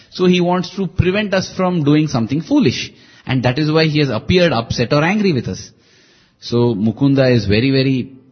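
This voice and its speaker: A man's voice: on the high side, breathy edge, muffled recording. A man telling a devotional story in an earnest, reflective way, with sudden lifts in his voice. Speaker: devotional speaker.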